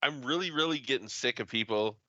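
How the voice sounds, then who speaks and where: A man's voice: medium pitch, fairly quick, pushed and bright, no room sound, dull audio. A man co-hosting a podcast, ranting in casual chat with heavy swearing. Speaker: podcast co-host.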